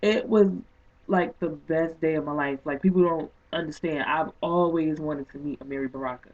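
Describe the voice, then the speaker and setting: A woman author telling a story in an interview, excited and animated, acting out what people said. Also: sits low, moderate pace. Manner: excited, animated retelling with quoted speech. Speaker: guest author and poet. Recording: distant, tinny phone-like sound.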